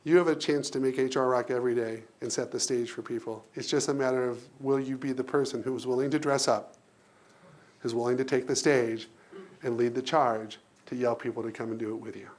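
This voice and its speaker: A man giving a lively keynote speech to an audience, telling stories, acting out voices and laughing often. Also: mid-range voice, fairly quick. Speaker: keynote speaker. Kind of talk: live storytelling speech.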